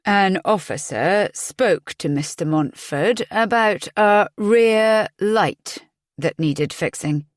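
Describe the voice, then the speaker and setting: A woman voicing a patient, probing male police detective with measured, pointed questions. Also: medium pitch, no room sound, studio quality, close to an everyday voice.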